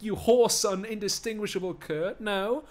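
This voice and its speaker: A man's voice: high-pitched, pitched above the performer's own voice, natural voice. A man voicing Thersites, a bitter and foul-mouthed Greek scoffer, spitting out insults in a live-streamed Shakespeare reading. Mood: scornful, railing. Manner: loud, scornful insults with drawn-out words.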